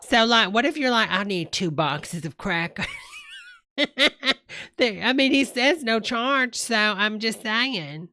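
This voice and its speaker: A woman's voice: fairly high pitch, expressive, bright, forceful tone. A woman giving sassy, exclaiming comic commentary while reacting to a video. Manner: sassy, exclaiming, drawn-out remarks. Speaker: comedy host reacting to a video.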